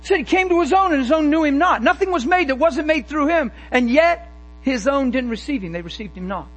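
Fervent preacher with a very high voice. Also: male voice, expressive, a little fast, a bit bright, rough recording. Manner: fervent, emphatic, rhetorical questions. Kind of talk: sermon.

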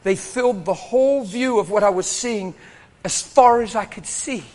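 A man preaching a sermon, telling a story with animated bursts of shouting and laughter. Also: sits high, moderate pace.

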